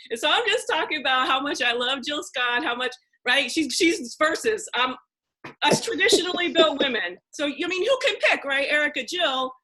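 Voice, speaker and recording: A woman from Philadelphia hosting a casual video-call conversation, talking in an excitable rush full of restarts and asides. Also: high-pitched. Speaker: host.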